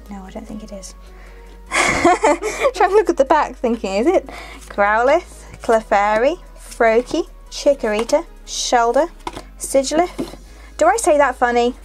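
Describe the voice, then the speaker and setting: A woman's voice: high-pitched, expressive, slow pace, long pauses. A young woman hosting a card-opening video, chatty and giggly, repeating herself as she reads out each card. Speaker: channel host opening card packs. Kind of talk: casual chat while opening booster packs. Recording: faint music behind.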